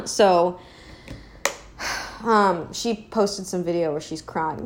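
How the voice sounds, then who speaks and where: A woman's voice: slow pace, pauses often, heavy background noise. Sardonic young woman rambling casually. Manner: sardonic, rambling, heavy use of "like"; mocks others in a high baby voice. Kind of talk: casual opinion monologue.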